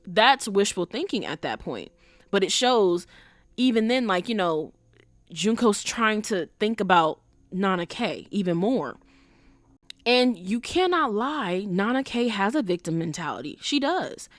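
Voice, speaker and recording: A woman hosting a podcast, talking in an animated, emphatic casual way with rhetorical questions and lots of fillers. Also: medium pitch, unhurried, no echo. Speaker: podcast host. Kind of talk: casual commentary.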